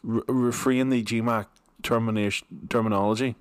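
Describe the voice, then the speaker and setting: A man's voice: mid-range voice, steady tone, moderate pace, clean tone, no echo. Young northern irish guy goofing around on a podcast, close dry mic. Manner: playful, jumps into silly voices. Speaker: podcast co-host. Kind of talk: casual chat.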